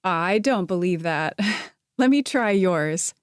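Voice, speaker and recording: A curious young woman, quick with questions and a little guarded, as a woman narrator voices her. Her voice sits a touch higher and livelier than the narration, close and dry. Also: lively intonation, clear, resonant tone, dry recording. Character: young woman, bright, curious, a bit wary.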